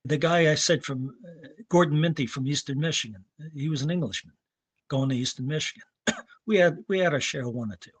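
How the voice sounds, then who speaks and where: A man in his seventies from New York State, a veteran running coach telling rambling, anecdotal stories and clearing his throat now and then. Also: a little high, brisk, no room sound. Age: 70s. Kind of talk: casual interview talk.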